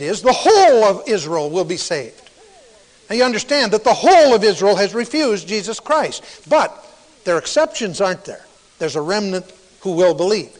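High-voiced preacher in a reverberant hall. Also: male voice. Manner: emphatic, drops to near-whispers for stress. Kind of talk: sermon.

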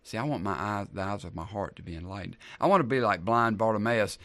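A man's voice: fairly low pitch, quick pace, fairly bright tone, dry recording. A man preaching a sermon as a pastor in an easygoing, conversational way, repeating key lines for emphasis.

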